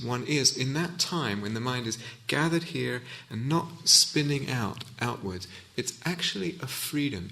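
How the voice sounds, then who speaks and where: A man's voice: mid-range voice, creaky, bright, forceful tone. A man giving a reflective Dharma talk as a meditation teacher in a hall, often restarting and searching for words.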